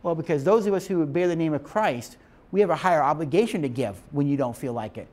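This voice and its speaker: A man teaching a class of couples in an emphatic, preacher-like manner, stopping to check that his listeners follow. His voice sits fairly high for a man and swings widely in pitch. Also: lively intonation, quick pace, darkish tone. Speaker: marriage teacher. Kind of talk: lecture to couples.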